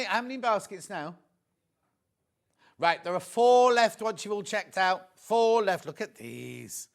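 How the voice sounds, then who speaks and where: A man presenting a live TV shopping demo, chatty and excitable, gushing over the products and chatting with viewers and crew. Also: high-pitched.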